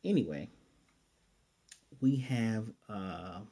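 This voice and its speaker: A man with a mellow, warm voice talks through an anime episode in a relaxed, chatty way. His delivery is animated, and he often corrects himself and trails into fillers as he goes. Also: fairly low pitch, very slow, vocal fry. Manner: animated retelling, often paraphrasing the characters' lines; chatty and loose, with frequent fillers and self-corrections. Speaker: anime reviewer. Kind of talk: casual episode recap.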